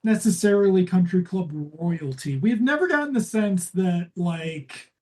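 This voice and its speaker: A woman co-hosting a comedy podcast in casual chat, sardonic and quick to swear, with sudden leaps in pitch. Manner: sardonic, swears freely, lively jumps in pitch. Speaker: podcast co-host.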